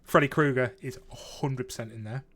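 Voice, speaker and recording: A man's voice: mid-range voice, brisk, a bit bright. Chatty man, casual podcast host. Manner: chatty, swears freely, laughs at own stories. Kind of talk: casual chat.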